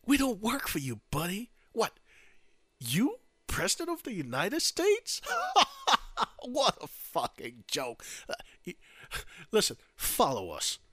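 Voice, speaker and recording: A man voicing male security agents who shout and jeer at a new leader. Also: sits high, huge pitch swings, moderate pace, breathy edge, dry recording, studio quality, pitched above the performer's own voice, full character voice. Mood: mocking. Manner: shouting, jeering.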